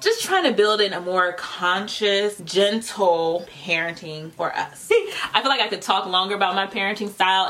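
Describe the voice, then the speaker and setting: Woman, 30s, podcast host, slightly low register, candid and conversational, lists her points. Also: a bit bright. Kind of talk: casual solo podcast monologue.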